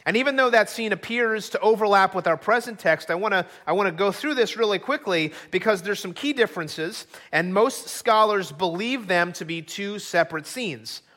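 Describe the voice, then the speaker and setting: A man's voice: high voice, lively intonation, normal speed, hardly any pauses, pushed and bright. A middle-aged man preaching a sermon as pastor, earnest and acting out quoted voices.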